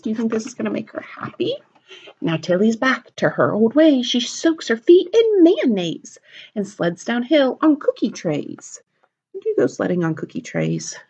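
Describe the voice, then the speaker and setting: A woman librarian reading a picture book aloud at a children's storytime, animated and asking the kids questions. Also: a little high, measured pace, creaky, slightly rough. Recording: dull lo-fi recording.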